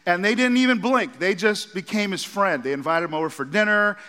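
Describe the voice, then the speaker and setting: A middle-aged man, a pastor, preaching a sermon and telling stories with animated asides in a church auditorium. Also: high-pitched, a little fast. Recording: long hall reverb.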